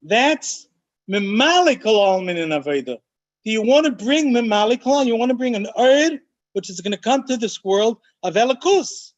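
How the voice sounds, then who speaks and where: A rabbi with a fairly high-pitched voice gives a Torah study lecture, animated and emphatic. He slows down to lean on key phrases and mixes in Hebrew and Yiddish terms as he explains. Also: lo-fi sound. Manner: animated, emphatic teaching, often slowing to stress key phrases. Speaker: rabbi teaching a class.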